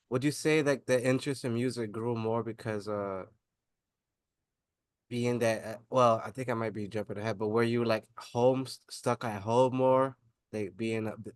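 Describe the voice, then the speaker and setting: A man's voice: mid-range voice, smooth, dry recording. A man hosting a podcast, asking loose, rambling questions in casual slang with frequent restarts. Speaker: podcast host. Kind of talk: casual interview.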